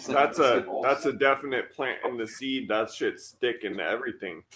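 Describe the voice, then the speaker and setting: A man's voice: mid-range voice, normal speed, fairly bright tone, slight background noise, rough recording. A man who is a father, hosting a podcast in crude, joking casual chat. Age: adult father. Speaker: podcast host.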